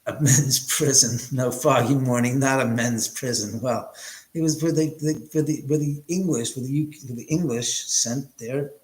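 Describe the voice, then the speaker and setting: A man chats loosely with his livestream viewers, rambling and trading crude jokes. His voice sits at an ordinary middle pitch. He talks in an echoey room in a house. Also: steady tone, normal speed, darkish tone. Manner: rambling, joking, crude banter. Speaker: livestream host. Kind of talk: casual livestream chat with viewers.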